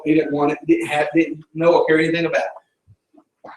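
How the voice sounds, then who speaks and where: A middle-aged Southern man, a missionary, addresses a church in a brisk, higher-pitched voice that barely moves in pitch. His talk is folksy storytelling and fervent preaching, recorded from afar in an echoing sanctuary with slight background noise.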